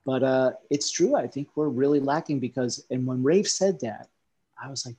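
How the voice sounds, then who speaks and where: A man talks in a casual podcast chat with a husky, slightly breathy voice. He tells animated stories and hops from one topic to the next. His pitch sits in a middle range. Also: fairly quick. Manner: animated storyteller who jumps between topics.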